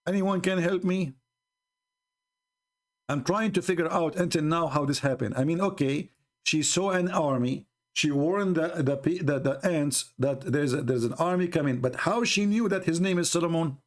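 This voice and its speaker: A man whose first language is not English, giving a mocking, sarcastic monologue that jumps into high voices when he quotes people. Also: normal speed. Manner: sarcastic, mocking, animated retelling with bursts of laughter. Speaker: religious commentator.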